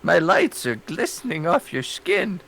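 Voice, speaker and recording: A woman's voice: on the low side, sing-song, unhurried, a little hiss or hum. A man voicing a prim, fussy librarian woman of about ninety. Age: 90s.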